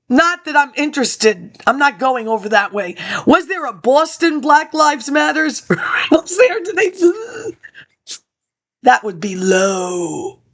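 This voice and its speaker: A woman with a notably high voice presents in a loose, rambling monologue. She reads from old papers, then breaks off into digressive asides and talks back to absent people. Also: fairly bright tone. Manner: reads from old documents between tangents. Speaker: webinar presenter. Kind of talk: rambling spoken commentary.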